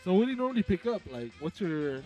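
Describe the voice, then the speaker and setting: Male co-host, lively pitch, questioning, faint music behind. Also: quick pace, muffled recording. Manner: curious, asks questions. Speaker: podcast co-host. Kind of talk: casual chat.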